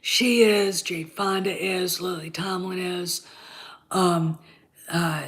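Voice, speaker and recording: A woman's voice: on the low side, fairly even intonation, slow pace, fairly bright tone. A woman hosting her own channel, giving blunt, profane, heated opinion commentary with a congested voice while getting over covid. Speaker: channel host.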